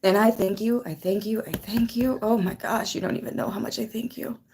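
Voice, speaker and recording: A woman's voice: medium pitch, steady tone, fairly quick, darkish tone, slight background noise. A woman hosting a tarot channel, chatting casually on a livestream while near tears, emotional and grateful as she greets viewers by name. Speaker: tarot reader and channel host.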